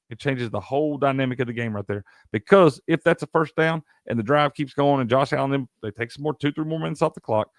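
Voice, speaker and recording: Speaking at medium pitch, this sports show host from Tennessee rants heatedly and swears as he replies to chat during a live sports stream. The sound is studio quality with no echo.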